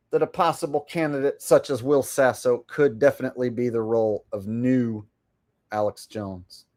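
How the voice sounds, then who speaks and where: His voice is lowish and a little mellow. He's a man hosting a livestream, rambling and bragging casually while he reacts to clips.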